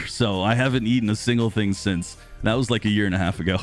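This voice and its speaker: A man in his thirties casually chatting with viewers on a live stream, rambling and talkative, losing his voice and clearing his throat. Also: quick pace, hardly any pauses, faint music behind. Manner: chatty and rambling, lively pitch swings when greeting viewers. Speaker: streamer host reading live chat.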